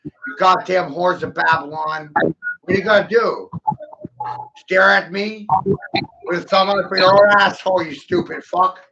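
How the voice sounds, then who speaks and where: A man delivering an aggressive, mocking, profane solo rant with a gravelly voice. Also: high voice, a little slow, pauses often. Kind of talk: solo taunting rant to camera. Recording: muffled lo-fi audio with steady background noise.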